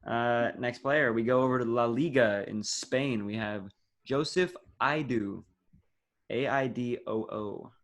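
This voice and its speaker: A teenage man runs a quiz on a casual sports podcast, recorded over a video call. His voice sits at a middle pitch. He teases his friends in an upbeat way. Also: unhurried, a bit bright. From United States. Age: teens. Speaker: podcast co-host and quizmaster.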